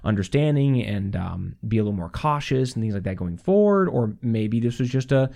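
A man's voice: fairly low pitch, gravelly. A man hosting a faith podcast in a preaching style, reading scripture and laughing often between points. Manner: animated, laughs often, repeats phrases for emphasis; reads scripture aloud slowly. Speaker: podcast host.

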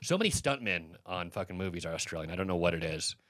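Low-voiced, rambling storyteller man. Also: lively intonation, fast, fairly bright tone, dry recording. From US East Coast. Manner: rambling anecdotes, heavy swearing, many fillers. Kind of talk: casual podcast chat.

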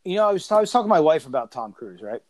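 A man co-hosting a podcast, telling stories in a profane, animated way in casual chat. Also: fairly high pitch, rapid-fire, no room sound. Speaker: podcast co-host.

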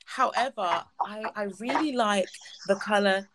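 A woman's voice: medium pitch, a little slow, crowd noise, low-quality recording. A woman hosting a casual chat show, gushing and often repeating her words. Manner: effusive, repeats herself. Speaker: host.

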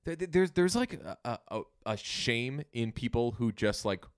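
A man's voice: medium pitch, animated, normal speed, clear, resonant tone. A man chatting casually about a movie, rambling and swearing, acting out characters' lines. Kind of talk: casual movie review chat.

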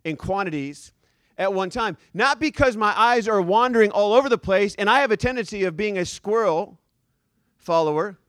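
A male pastor preaching a sermon as a lively, joking storyteller who acts out the scenes he describes. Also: high voice, moderate pace, dry recording, studio quality.

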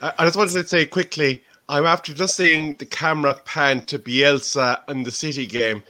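A man's voice: on the high side, steady tone, normal speed, bright, forceful tone. A man on a casual podcast panel, making wry, jokey asides. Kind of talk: casual chat.

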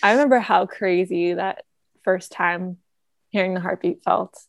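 A woman's voice: fairly low pitch, a little slow, gravelly, no room sound, clean studio sound. A woman co-hosting a podcast, chatting casually and supportively. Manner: supportive, relaxed, conversational. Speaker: podcast co-host. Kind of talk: casual chat.

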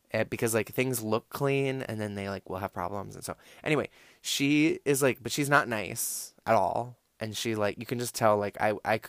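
A man's voice: on the low side, a bit bright, no echo. A young man telling a casual, rambling story, full of "like" and swearing. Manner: rambling, filler-heavy, profane, lots of "like".

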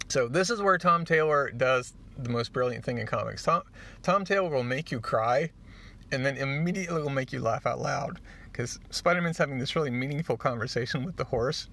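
A man hosting a podcast, retelling a comic book in a casual, animated way and getting choked up at the moving parts. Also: mid-range voice, fairly quick, vocal fry. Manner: animated storyteller, acts out the dialogue; easily moved, gets choked up. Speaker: podcast host.

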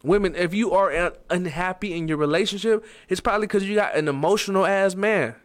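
A man lecturing in a casual motivational monologue, his voice sitting a little high for a man. He talks bluntly, swears freely and pushes his pitch sharply upward to hammer points home. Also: a little fast. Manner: blunt and preachy, swearing, with sudden loud emphatic rises.

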